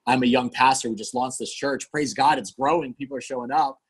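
A man in his forties, a pastor and podcast guest, telling personal stories in an earnest, animated, candid way. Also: mid-range voice, brisk, slightly rough. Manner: earnest, animated, acts out quoted dialogue. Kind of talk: candid conversational storytelling.

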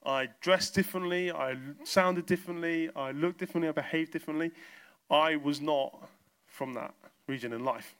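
A man's voice: fairly high pitch, moderate pace, fairly bright tone, smooth. A man from the south coast of England, a pastor preaching a sermon in church and telling stories with acted-out exchanges. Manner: storytelling, acts out exchanges in quoted voices.

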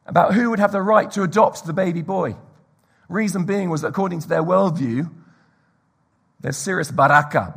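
Male preacher, storytelling sermon, raspy and gravelly, a bit high. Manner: storytelling, drops to a hushed whisper for emphasis.

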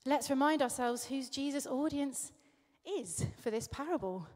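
High-voiced woman preaching in an echoey hall. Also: expressive, a little slow. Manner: warm storytelling, laughing at herself. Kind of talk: sermon.

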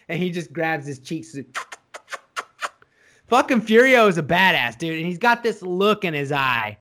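Excitable, cussing man in casual chat. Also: on the high side, fairly quick. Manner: profane, rambling, excitable. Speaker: podcast co-host.

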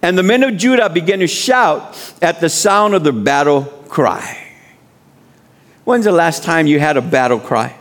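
A man preaches as a guest in a slightly high, somewhat bright voice with lively intonation and a moderate pace. Exhorting the congregation, he uses plain, casual speech and repeated call-and-response "amen"s.

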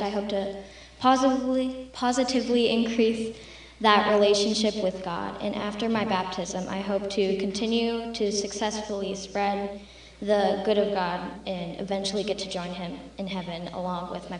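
A woman's voice: medium pitch, distant mic. Sincere young woman in an echoey hall. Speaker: person being baptized. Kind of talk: personal testimony.

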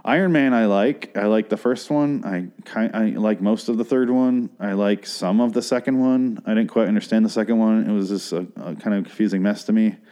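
Man, 30s, podcast host, casual monologue, rambling, profane, low-pitched, mellow tone. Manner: rambling and profane, with crude asides.

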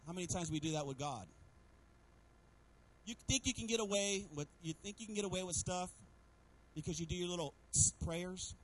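Over a poor recording, a middle-aged man preaches a sermon in a voice that sits high. He's an animated pastor who weaves in funny stories and repeatedly addresses his congregation.

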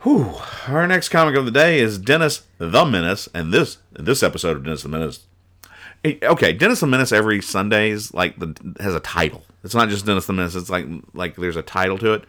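A man hosting a comedy podcast who reviews comic strips in a loose, rambling way, full of sarcastic asides and chuckles. His voice is fairly low and has a bright, forceful edge. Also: big pitch swings, a little fast. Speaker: podcast host.

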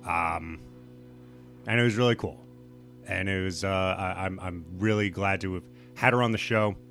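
A man's voice: low-pitched, moderate pace, a bit bright, soft background music. A man hosting a podcast, talking casually in a rambling, profane, self-mocking way. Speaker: podcast host.

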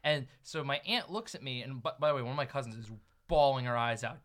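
A man's voice: medium pitch, fast talker, fairly bright tone. A man hosting a casual chat, asking questions and making joking asides.

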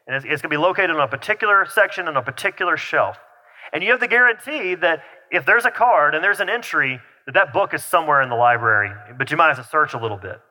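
A man's voice: a little high, animated, fast talker, bright, forceful tone. A man preaching a sermon as pastor, talking conversationally with restarts and asides. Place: church sanctuary. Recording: long reverb of a large hall.

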